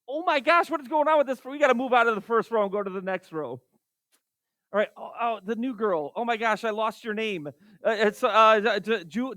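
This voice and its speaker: A man's voice: high-pitched, a bit bright, clean tone, dry recording. A man teaching a math class, calling on students by name and exasperated by wrong answers. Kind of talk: classroom lecture.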